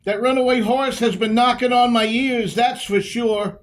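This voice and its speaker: A man's voice: extremely high pitch, steady tone. A man playing a rambling, emotional divorced guy. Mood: wistful. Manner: halting monologue with repeated phrases and drawn-out words. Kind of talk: performed poetry monologue.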